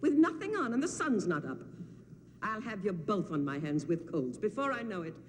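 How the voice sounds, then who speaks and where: An actress playing an older nurse in a film drama, scolding and doting by turns with a fretful, sing-song lilt. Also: female voice, medium pitch, sing-song, moderate pace, big-room sound, slight background noise, lightly acted. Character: fussy old nurse, scolding yet doting.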